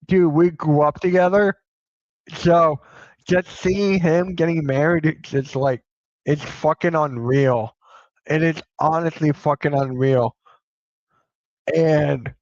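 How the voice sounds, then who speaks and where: A young man hosts a casual sports live stream, cursing often and bursting out at breaking news. His voice sits fairly high and he talks at an unhurried pace. The sound is dry and a little dull, like a modest home setup. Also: dry recording. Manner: excitable, swears freely, reacts loudly to news. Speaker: sports show host.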